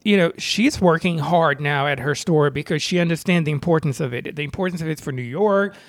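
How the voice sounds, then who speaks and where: A man co-hosting a casual podcast chat, agreeable and halting, often restarting his sentences. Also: fairly high pitch. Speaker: celebrity blogger and podcast co-host.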